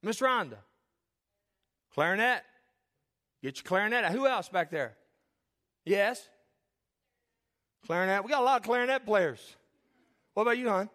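Man, high voice, pastor, joking, calls on people by name, hushed earnest moments, church sermon. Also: animated, unhurried, pauses often. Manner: drops to soft earnest tone. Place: church sanctuary.

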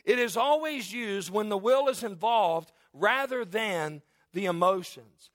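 A man's voice: high voice, expressive, measured pace, fairly bright tone, no room sound. A man in his forties preaching an earnest, conversational sermon in a church, often restarting and repeating phrases. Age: 40s. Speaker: pastor.

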